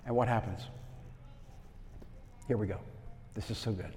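Animated preacher man in a reverberant hall. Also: on the low side, unhurried, long pauses. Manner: animated, acts out quotes, swings from loud to hushed. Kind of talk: sermon with storytelling.

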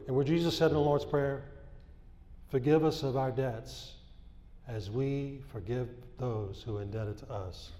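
A man's voice: medium pitch, a little slow, dark tone. A man preaching a sermon and reading scripture with fervor, repeating phrases and rising in bursts. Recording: echoey hall.

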